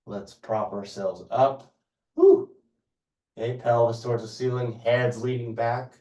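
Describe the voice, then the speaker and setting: A man leading a yoga class, giving calm, unhurried cues for stretches and breathing. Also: mid-range voice, echoey room, distant mic. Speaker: yoga instructor. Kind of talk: guided yoga class instruction.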